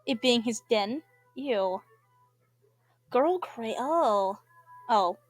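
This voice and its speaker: A woman's voice: on the high side, expressive, very slow, faint music behind. Rambling young woman reading a game aloud. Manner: giggly, rambling, trails off mid-word. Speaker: gamer. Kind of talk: casual gameplay commentary, reading the game text aloud.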